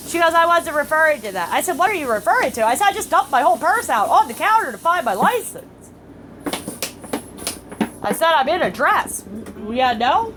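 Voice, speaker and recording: A woman's voice: high voice, very animated, fairly quick, a bit bright, slight background noise, rough recording. A middle-aged woman telling a story in casual chat, acting out other people's lines. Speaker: family vlogger. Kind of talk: casual storytelling while playing a phone game.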